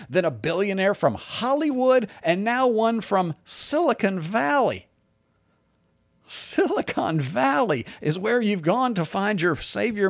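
A man hosting a solo political commentary show, talking in a sarcastic, animated way with frequent restarts and short laughs. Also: a little high, no room sound, clean studio sound.

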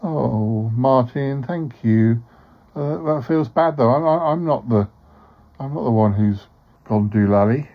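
A man's voice: medium pitch, takes it slowly. Fretful man stammering. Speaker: podcast host. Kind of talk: comedy sketch acting. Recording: dull lo-fi sound, faint music.

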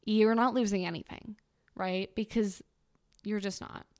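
A woman's voice: medium pitch, steady tone, unhurried, a little mellow. Young woman, podcast host, sarcastic, wry, casual chat.

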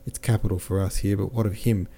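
A man voicing an eager, shy teenage boy soldier in an audiobook, reading his lines a little higher and more earnestly. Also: flat delivery, fast talker, dark tone.

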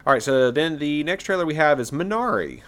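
A man's voice: on the high side, expressive, brisk, fairly bright tone. A young adult man co-hosting a podcast, introducing trailers in a casual, laid-back way. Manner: laid-back, says "man" and "yeah" a lot. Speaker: podcast co-host presenting trailers. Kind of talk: casual chat.

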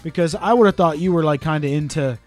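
A man's voice: a little high, fast talker, darkish tone, faint music behind. A young man co-hosting a podcast, bantering with a teasing, sarcastic edge and swearing freely. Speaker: podcast co-host. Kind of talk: casual banter.

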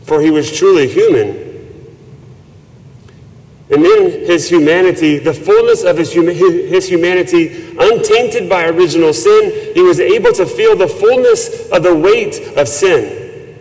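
A man preaching a sermon as a priest, slow and measured with reverent emphasis. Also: sits high, darkish tone. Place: church. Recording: long church reverb.

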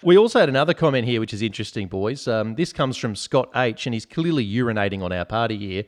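A man's voice: mid-range voice, animated, fast talker. Man, Australian accent, podcast host, joking, casual chat. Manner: cheeky, joking, reads out listener comments.

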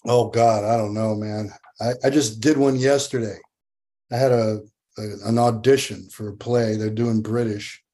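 Swearing animated man telling stories. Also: fairly low pitch, normal speed. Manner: animated storyteller, swears freely. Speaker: guest actor. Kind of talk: casual podcast chat.

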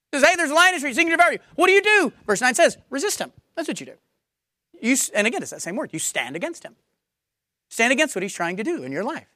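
A woman pastor delivers a sermon, pressing her points by repeating them again and again. Her voice sits a little high and swings widely in pitch. The sound is dry and close, with no room echo. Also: a bit bright. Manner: emphatic, repeats key phrases for force.

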